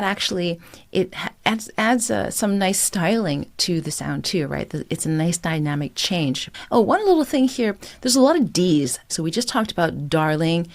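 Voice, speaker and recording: A woman vocal coach with a lowish, animated voice teaches a singing lesson at normal speed. She explains technique encouragingly and demonstrates phrases by breaking into short sung examples.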